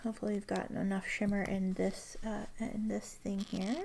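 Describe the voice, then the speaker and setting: A woman's voice: medium pitch, little pitch movement, normal speed, vocal fry, a little mellow, a little hiss or hum. A young woman chatting casually at her desk as an ink vlogger, rambling with lots of fillers and restarts, recorded on a camera mic. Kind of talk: casual chat.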